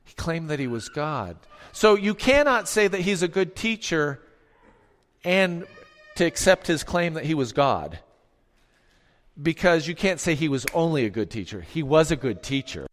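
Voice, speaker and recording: A man's voice: on the high side, big pitch swings, measured pace. A man preaching a sermon as pastor, emphatic, asking rhetorical questions and acting out the quotes he reads. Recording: long hall reverb.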